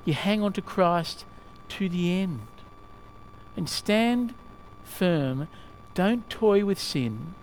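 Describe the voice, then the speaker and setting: A male preacher giving a sermon in a halting way, often asking the listeners questions. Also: high voice, lively intonation, slight background noise.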